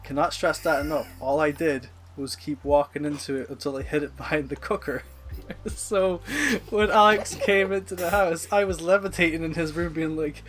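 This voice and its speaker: A young man co-hosting a casual podcast chat, telling stories with lots of animated quoted lines. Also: high voice, a little fast, soft background music. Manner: animated storyteller who acts out quoted lines. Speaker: podcast co-host.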